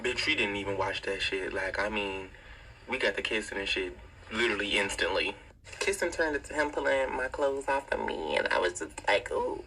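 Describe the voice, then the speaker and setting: A woman's voice: a bass voice, animated, moderate pace, sharp tone, a little hiss or hum, poor audio. A woman telling a raunchy story in a brash, giggly, profane way. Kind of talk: casual storytelling.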